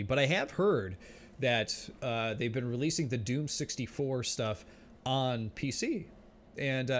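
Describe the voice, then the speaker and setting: A man streaming a game and chatting with viewers, often exclaiming and laughing as he plays. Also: medium pitch. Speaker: gaming streamer. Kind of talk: let's play commentary.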